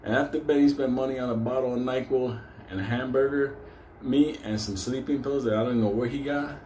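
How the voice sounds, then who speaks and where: A man's voice: mid-range voice, fairly quick. Profane New man telling a story. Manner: animated, swearing constantly, laughing through the story. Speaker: storyteller host. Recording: echoey room with faint ambient noise.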